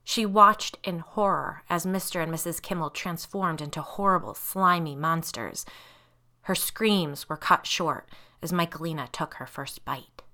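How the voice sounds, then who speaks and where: A woman narrating a scary children's story in an expressive storytelling style. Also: deep voice, a little slow.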